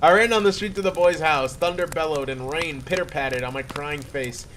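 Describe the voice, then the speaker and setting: A man's voice: on the high side, normal speed, fairly bright tone, slight background noise. A man reading a horror story aloud in a playful, mock-dramatic way. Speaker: creepypasta reader.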